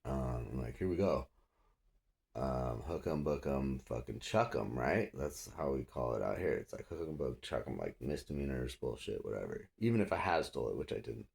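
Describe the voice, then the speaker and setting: A man's voice: very deep voice, moderate pace, vocal fry, few pauses. A man telling a story in a loose, casual way, swearing freely and acting out the other people's lines. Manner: profane, animated, acts out others' lines.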